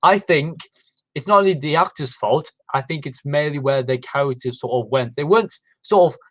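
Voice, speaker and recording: A man's voice: a little high, moderate pace, no room sound, low-quality recording. A man hosting a casual livestream, rambling with many fillers and restarts. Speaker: livestream host. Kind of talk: casual chat.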